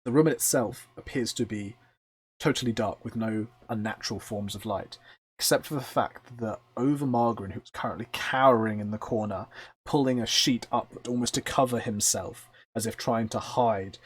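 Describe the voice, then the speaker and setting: Man, game master, husky lowish voice, unhurried scene narration. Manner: descriptive, relaxed storytelling with fillers.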